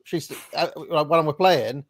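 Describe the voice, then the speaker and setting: A man's voice: on the high side, slow, no echo. A Welsh man hosting a casual chat over a video call, telling stories with a giggle. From Wales. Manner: chatty, giggly, storytelling. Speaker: podcast host. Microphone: remote video call.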